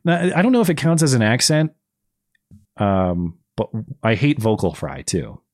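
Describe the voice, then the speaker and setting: A man's voice: medium pitch, big pitch swings, normal speed, darkish tone, no room sound, clean studio sound. A man hosting a call-in show, chatting casually and rambling with plenty of fillers and restarts. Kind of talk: casual chat.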